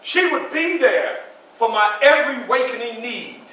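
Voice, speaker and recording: A man's voice: very high voice, animated, unhurried, sharp tone, heavily acted. An actor playing an earnest, grave formerly enslaved man in a theatrical first-person monologue, with emphatic storytelling and dramatic repetition. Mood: solemn. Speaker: historical reenactor. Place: library event room. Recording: echoey room from a distant camera.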